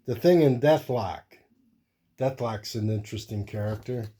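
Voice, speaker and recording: A man with a dark-toned, mid-range voice hosts his own video, speaking at normal speed as he shows off a stack of comic books one by one. He rambles in an easygoing way, thinking aloud while flipping through them in this casual show-and-tell.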